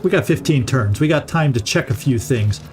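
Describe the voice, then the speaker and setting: A man's voice: mid-range voice, expressive, normal speed, a little mellow, slight background noise. A middle-aged man hosting a let's-play, chatting casually and thinking aloud as he plays, often restarting words. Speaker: gaming channel host.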